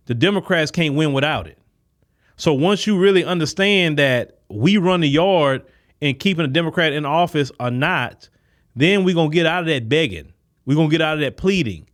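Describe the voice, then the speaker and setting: A man with delivers a political commentary like a sermon. His voice sits a little high and rises and falls dramatically as he argues. He keeps acting out imagined conversations to drive each point home. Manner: preachy and emphatic, acts out imagined dialogues. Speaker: podcast host.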